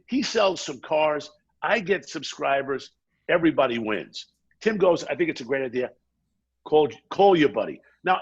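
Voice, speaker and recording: A middle-aged man, a guest on a podcast, telling a story in a fast, energetic way and acting out quotes. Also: on the high side, creaky, slightly rough, dull audio. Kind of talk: animated storytelling.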